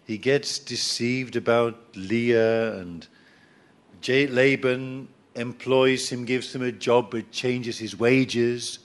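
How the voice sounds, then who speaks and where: A middle-aged male preacher giving a sermon, telling the story in an animated way with jokes aimed at the listeners. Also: mid-range voice.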